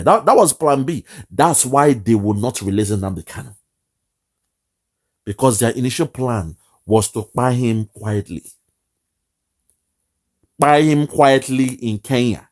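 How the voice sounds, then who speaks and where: A man's voice: mid-range voice, a little slow, pauses often. A man giving an impassioned political monologue, repeating phrases and slipping into pidgin. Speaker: political commentator.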